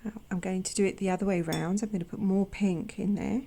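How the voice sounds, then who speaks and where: A woman hosting a watercolor channel, chatting gently as she paints swatches, sometimes dropping to a soft near-whisper and making self-deprecating asides. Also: medium pitch, steady tone, a little fast, vocal fry, breathy edge. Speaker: watercolor artist and channel host. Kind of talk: casual narration while painting swatches.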